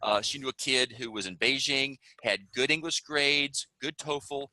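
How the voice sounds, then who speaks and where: A man's voice: medium pitch, unhurried, bright, forceful tone, dry recording, low-quality recording. Upbeat Southern US man teaching online. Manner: upbeat, chatty, rambling asides. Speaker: English teacher. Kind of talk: online class chat.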